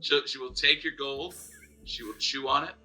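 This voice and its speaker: A man narrating as game master of a tabletop game, animated and often restarting phrases, with faint music behind. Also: mid-range voice, normal speed, rough recording.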